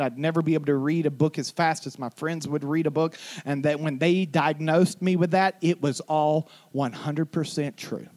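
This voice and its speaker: High-voiced preacher building to shouts. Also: male voice. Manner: builds from quiet storytelling to shouted declarations. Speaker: pastor. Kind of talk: sermon.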